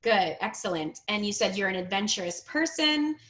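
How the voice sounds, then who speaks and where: A woman teaching English on a video call, coaching a student's speaking with encouragement, gentle corrections and frequent laughter. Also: medium pitch, expressive, moderate pace. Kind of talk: one-on-one pronunciation and grammar coaching.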